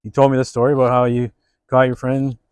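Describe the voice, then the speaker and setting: A man's voice: mid-range voice, monotone, quick pace, a little mellow, clear, resonant tone, dry recording, close to an everyday voice. A man voicing a bemused male police chief who asks what is going on. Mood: puzzled. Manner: bemused, questioning.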